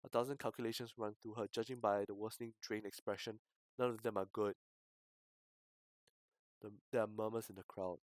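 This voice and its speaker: A male streamer reading a visual novel aloud, breaking off into loud outbursts and swearing. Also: on the low side, steady tone, brisk, long pauses, no room sound. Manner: reads text with sudden loud outbursts and swearing.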